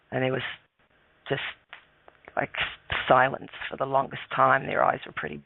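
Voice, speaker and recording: A man, a guest calmly telling a personal story, repeating words as he goes. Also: mid-range voice, moderate pace, vocal fry, long pauses, no echo. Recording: phone line, dry.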